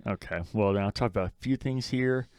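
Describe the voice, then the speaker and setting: Smooth-voiced man in casual chat. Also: lowish voice, a little fast, darkish tone, no echo. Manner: blunt, swears freely, quotes lines mockingly. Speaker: podcast co-host.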